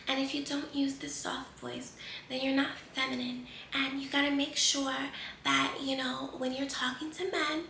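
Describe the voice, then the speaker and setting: Woman doing a high sugary baby-talk voice of a prim lady, bit of fry, echoey room. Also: bright, forceful tone, a little hiss or hum, full character voice. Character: mocked prim woman, babyish soft voice.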